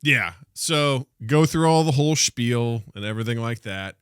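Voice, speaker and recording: A man co-hosting a podcast, telling a story in casual chat and acting out the quotes with lively jumps in his voice. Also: medium pitch, moderate pace, smooth, no room sound, clean studio sound. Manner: animated storyteller, acts out quotes. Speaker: podcast co-host.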